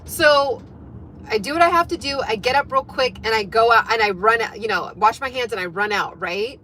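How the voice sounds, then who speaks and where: A young woman telling a story to her viewers in a chatty, animated way, full of fillers. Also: fairly high pitch, normal speed, slight background noise, rough recording. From United States. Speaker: fitness and life coach.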